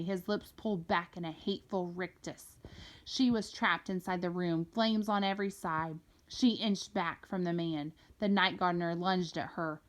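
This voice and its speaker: A woman reading a novel aloud, telling the story in a steady, expressive way. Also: lowish voice. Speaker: reader.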